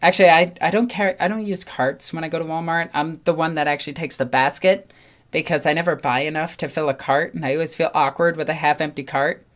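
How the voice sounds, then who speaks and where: A young woman chats casually as she tells a story to her viewers. Her voice sits a little low, and she gets animated as she acts out the lines of the people she met. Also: fast. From New York. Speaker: channel host.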